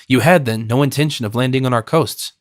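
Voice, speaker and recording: A man reads a shrewd old-world general in a dry, close audiobook sound. The general speaks calmly and measures every question. His voice sits at a middle pitch. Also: brisk, dry recording, lightly acted. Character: shrewd, calm English general questioning a prisoner.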